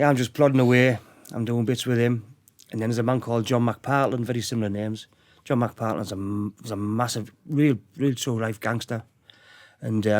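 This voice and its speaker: A man's voice: mid-range voice, darkish tone. A middle-aged man, a podcast guest telling crime stories in a casual, rambling way, repeating his words. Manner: rambling, repeats words, acts out quoted dialogue. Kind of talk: casual true-crime storytelling.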